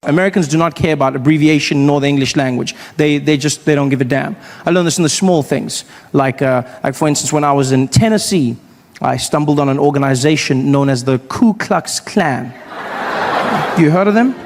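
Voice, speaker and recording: Male stand-up comedian, high voice, conversational setups, big hall reverb, audience noise. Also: a little fast, a little mellow. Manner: conversational, rambling setups with punchlines.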